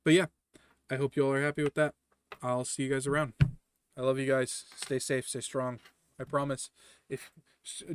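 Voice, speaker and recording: A man's voice: medium pitch, little pitch movement, normal speed, long pauses, clear, resonant tone, recorded from a distance. A young man in college giving rambling, casual advice to his viewers, with many fillers and restarts. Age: young adult. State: yawning. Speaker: vlogger.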